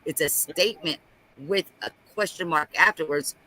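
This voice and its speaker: A man talking on a casual live stream, animated and ranting, repeating himself as he makes his point. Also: on the high side, normal speed, low-quality recording.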